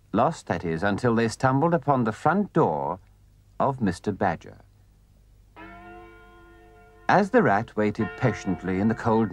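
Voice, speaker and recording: A man narrating a children's storybook with gentle, expressive delivery. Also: mid-range voice.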